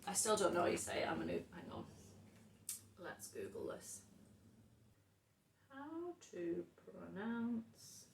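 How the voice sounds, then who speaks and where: A woman's voice: low-pitched, huge pitch swings, a little fast, pauses often, slight background noise. A woman from the UK chatting casually at home, rambling and often dropping to a murmur. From United Kingdom. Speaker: vlogger. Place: indoors at home. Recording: roomy, distant camera mic.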